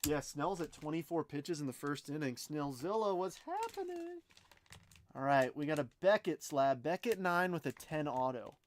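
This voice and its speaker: A young adult man hosting a live card break, giving chatty, excitable commentary and talking to viewers by name. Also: fairly high pitch, normal speed, a little hiss or hum.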